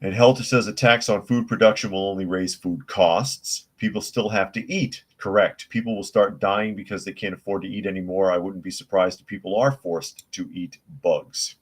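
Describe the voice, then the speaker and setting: A man's voice: deep voice, fairly even intonation, moderate pace, few pauses. A man hosting a live news podcast, reading articles and chat comments aloud and answering them with blunt, scoffing opinions. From United States.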